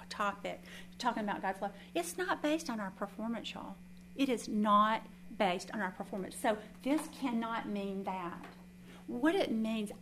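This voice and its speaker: Lady teaching bible study, earnest and chatty, bit of hum behind. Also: medium pitch. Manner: earnest, conversational, folksy asides.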